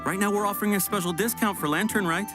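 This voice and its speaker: An actor voicing an overly polite tea shop vendor in a video game, with a smooth sales pitch that stammers when things go wrong. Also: fast talker, close to an everyday voice. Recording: game audio with faint music.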